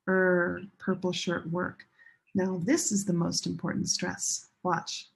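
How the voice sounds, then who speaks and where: Slow, husky-voiced woman teaching pronunciation. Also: on the low side, level tone, a little mellow. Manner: slow, drawn-out modeling of sentence stress with repetition. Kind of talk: classroom lesson demonstrating an app.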